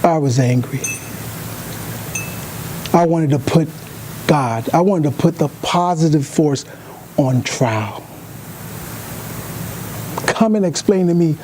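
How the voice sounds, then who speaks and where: Speaking slowly with long pauses, this guest speaker has a slightly high voice and a noisy background behind him. He tells stories to a club in a meeting hall, animatedly acting out each person's voice.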